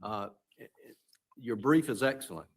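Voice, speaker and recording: A man questioning a lawyer from the judge's bench, feeling his way through his point with hesitant, searching phrasing. His voice sits at an ordinary middle pitch for a man. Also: normal speed. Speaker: appellate judge. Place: courtroom.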